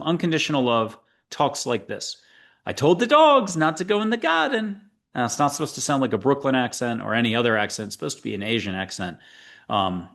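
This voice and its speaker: American guy hosting a spiritual show, mid-pitched voice, rambles on and throws in dad jokes. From United States. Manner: rambling and digressive, with playful asides and dad jokes. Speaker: show host. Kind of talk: casual spiritual talk to camera.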